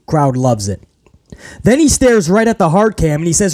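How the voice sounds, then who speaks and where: A high-voiced man rants through a wrestling review on his own channel. His talk is casual, profane and animated. He mocks the show with quick impressions as he goes. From grew up in housing projects.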